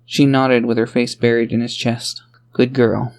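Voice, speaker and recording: A man narrating a fantasy audiobook in an even, steady storytelling manner. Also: medium pitch, moderate pace, clean tone. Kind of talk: scripted narration.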